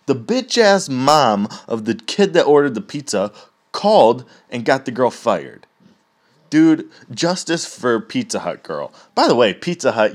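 A young man in a casual, rambling rant, swearing often and laughing at his own stories. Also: mid-range voice.

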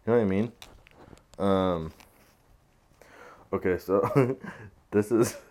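Low, slow-talking tired man ranting. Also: a little mellow. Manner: swearing, rambling, loose and tired. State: low energy, uncaffeinated. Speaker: podcast host. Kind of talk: casual solo podcast rant.

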